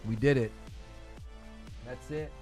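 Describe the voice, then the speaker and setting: A man hosting a gaming show from home, chatting live with viewers in an animated, incredulous, rambling way. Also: mid-range voice, slow, soft background music. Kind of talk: live-stream chat answering viewers.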